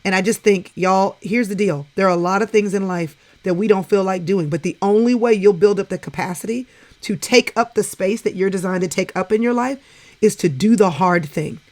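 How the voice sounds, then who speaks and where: A woman's voice: mid-range voice, a little fast, darkish tone. A woman hosting a casual live-stream chat, talking to viewers in an encouraging, preacherly way. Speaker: host.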